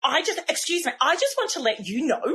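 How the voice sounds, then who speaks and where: A stern, huffy female swim teacher scolds in a curt, officious tone, her voice pushed noticeably higher as a woman mimics her. She sounds strict and bossy. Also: big pitch swings, fast, sharp tone, heavily acted. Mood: scolding.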